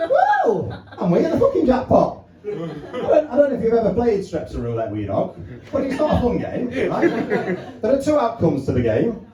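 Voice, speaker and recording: A man's voice: extremely high pitch, wildly swooping pitch, normal speed, mellow, far from the mic, highs cut off. A man doing a stand-up comedy set, chatty and swearing, acting out phone calls, with a crowd laughing behind him. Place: small pub comedy room. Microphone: handheld mic, filmed from far by tripod camera. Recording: roomy pub room from afar with crowd laughter.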